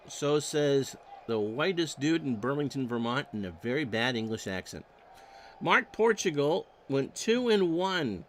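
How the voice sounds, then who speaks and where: A man calling baseball play-by-play, reading off stats with wry joking asides. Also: a little high. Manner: stat-heavy calls with wry joking asides. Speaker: play-by-play announcer.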